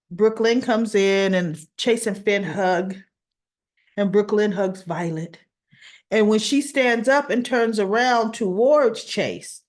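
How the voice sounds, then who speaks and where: Slow-talking woman recapping a soap. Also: fairly low pitch. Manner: chatty, retells scenes with quoted dialogue. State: coughing, sore throat. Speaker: soap opera reviewer. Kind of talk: casual recap monologue.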